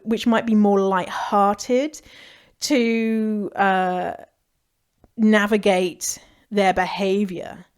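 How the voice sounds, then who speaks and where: A British woman talking through advice in a loose, unscripted podcast monologue. She is frank and chatty, drops the odd swear word, and breaks into easy laughter. Her pitch sits in a middling range. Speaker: podcast host.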